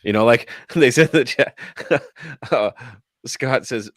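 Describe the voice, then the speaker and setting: A man's voice: medium pitch, takes it slowly, no echo, studio quality. A man co-hosting a podcast in loose, profane casual chat, laughing often. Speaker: podcast co-host.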